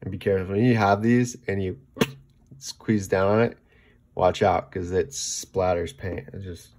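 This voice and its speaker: A man giving a casual painting demonstration, chatting as he mixes paint, often checking in with "okay?" and trailing off softly mid-task. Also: low-pitched, steady tone, unhurried. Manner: talks while mixing paint, trailing off softly. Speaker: painting instructor.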